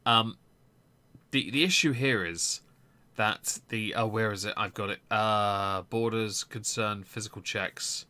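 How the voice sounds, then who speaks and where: A man's voice: fairly low pitch, measured pace, pushed and bright, clear, resonant tone, no echo. A man hosting a political live stream, giving casual commentary with lots of ums and blunt swearing.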